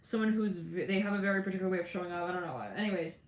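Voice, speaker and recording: Low-voiced woman rambling through a tarot reading. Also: rapid-fire. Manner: rambling, voices quoted figures, laughs often. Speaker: tarot reader. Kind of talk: casual tarot reading monologue. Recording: echoey room with faint ambience.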